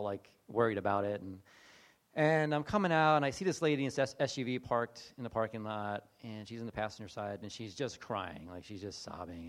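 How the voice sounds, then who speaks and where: A middle-aged man preaching in a conversational sermon style, telling personal stories and acting out the dialogue. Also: on the low side. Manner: conversational, animated, acts out dialogue. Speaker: pastor. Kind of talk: sermon storytelling.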